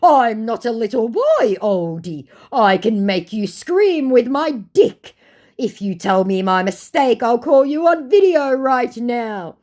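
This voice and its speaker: A woman's voice: on the high side, sing-song, darkish tone, pitched above the performer's own voice. Woman mocking a pushy, crude scammer guy. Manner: slow, exaggerated mocking delivery. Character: cocky young male online scammer, pushy and crude.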